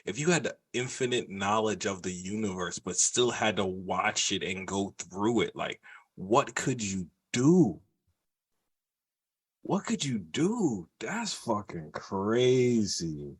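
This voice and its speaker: A low, husky-voiced man reacts on a casual podcast, slow-spoken and bright-toned. His pitch swings widely as he exclaims and swears in disbelief. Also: very animated. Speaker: podcast co-host.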